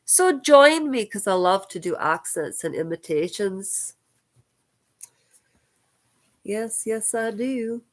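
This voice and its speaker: A woman in her fifties, from Ukraine, records a personal vlog at home on her houseboat. She talks slowly and emotionally, wandering from one thought to the next as she speaks straight to camera. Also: medium pitch, animated. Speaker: vlogger.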